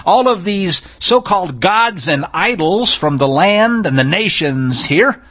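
A man gives a blunt, emphatic sermon-style teaching on scripture, his voice a little high for a man. It climbs as he reads passages aloud with growing intensity. He's expressive and fairly bright in tone, keeping a measured pace with hardly any pauses.

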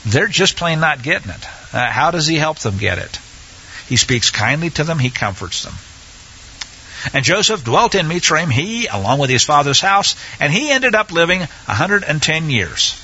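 A man teaching a Bible study in a conversational way, often pausing with fillers and restarting his sentences. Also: fairly high pitch, sing-song, bright, forceful tone, slightly rough, muffled recording.

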